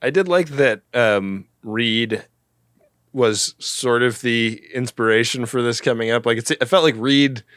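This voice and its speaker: Male co-host, mid-pitched, dry close recording, wry and easygoing. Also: a little slow, fairly bright tone, no room sound. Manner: wry, laughs along, curious asides. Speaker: podcast co-host. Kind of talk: casual comedic chat.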